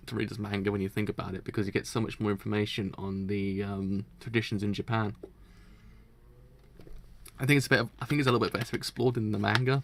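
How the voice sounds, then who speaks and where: A man's voice: lowish voice, a little hiss or hum. A man hosting a manga reaction, reading notes aloud and chatting casually, often stumbling over words and correcting himself. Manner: chatty and self-deprecating. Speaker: manga reaction channel host.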